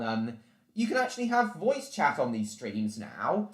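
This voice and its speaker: A man's voice: mid-range voice, huge pitch swings, unhurried, echoey room. A man hosting a casual live stream, rambling and chatting with viewers as he reads their comments.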